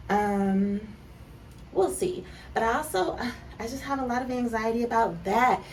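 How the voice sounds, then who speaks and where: A woman's voice: medium pitch, creaky, darkish tone. A woman in her thirties from California, chatting candidly while doing her makeup and calling her viewers "child", "baby" and "honey". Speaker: vlogger and clothing brand owner. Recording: slightly distant mic with faint background noise.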